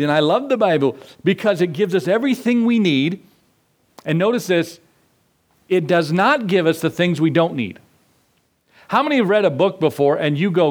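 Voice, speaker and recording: A man preaching a sermon as pastor, asking the congregation questions and acting out little asides. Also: a little high.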